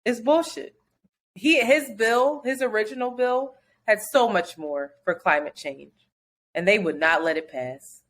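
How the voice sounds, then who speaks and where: A woman co-hosting a casual podcast chat, animated and cursing freely, slipping into quoted voices. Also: mid-range voice, measured pace. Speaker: podcast co-host.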